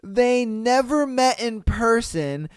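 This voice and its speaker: Profane, animated male podcast host. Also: very high voice, slow pace, clean tone, no room sound, studio quality. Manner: profane, animated, reacts loudly, laughs often. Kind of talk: casual solo commentary on reader posts.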